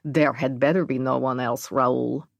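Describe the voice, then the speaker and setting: A woman's voice: very deep voice, steady tone, measured pace, creaky, dry recording, clean studio sound, full character voice. Throaty eastern european lady, haughty and mocking, broken english, as a narrator puts her on. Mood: defensive. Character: haughty Eastern European woman sex worker, about thirty.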